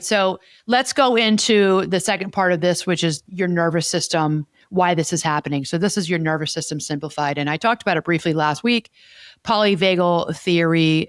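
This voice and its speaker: Her voice sits on the low side and sounds smooth as this therapist, hosting her podcast, teaches through ideas and repeats the main points, pausing to ask "okay?" The recording is dry, with clean studio sound.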